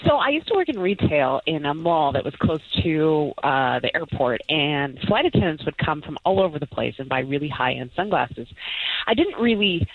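A woman calling in to a radio show, chatty with quick asides, heard over a tinny phone line. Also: sits low, very animated, no room sound. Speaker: caller.

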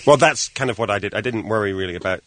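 Fast-talking Scottish man, lowish voice. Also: a bit bright, dry recording. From Scotland. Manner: halting, repeats words. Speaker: film director guest. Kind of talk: casual radio interview.

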